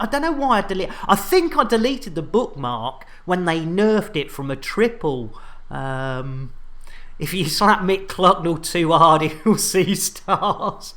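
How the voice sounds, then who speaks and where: A man's voice: high voice, bright, forceful tone. An English man streaming a space game live, chatting and joking with viewers as he reads their messages. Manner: jokey, chatty, banter with viewers.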